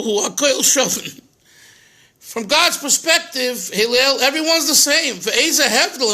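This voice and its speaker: A man's voice: very high voice, bright, forceful tone. A man, a rabbi, teaching a Torah class, translating phrases line by line with restarts and chuckles.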